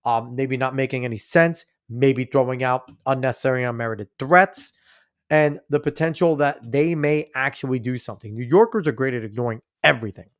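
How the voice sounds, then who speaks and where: A man's voice: medium pitch, fairly quick. A man hosting a podcast, giving blunt, profane, casual commentary on a news clip he plays for listeners. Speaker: podcast host.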